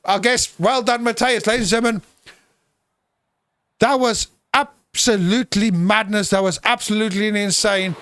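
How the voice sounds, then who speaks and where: A man's voice: high voice, steady tone, moderate pace, a bit bright. A man giving live, unscripted commentary on a sim race in a playful, teasing way, exclaiming at crashes.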